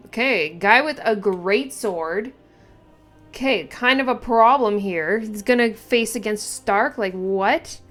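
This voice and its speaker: A woman's voice: mid-range voice, slow, soft background music. Rambling woman reacting to manga. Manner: thinking aloud, rambling with many fillers and restarts; bursts into excited exclamations and giggles. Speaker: manga reaction channel host. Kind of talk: casual reaction commentary.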